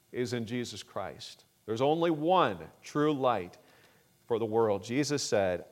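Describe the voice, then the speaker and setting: Slow, emphatic male preacher. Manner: emphatic preaching with swells in pitch and volume on key phrases; deliberate, measured delivery with fillers. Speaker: pastor. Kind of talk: sermon.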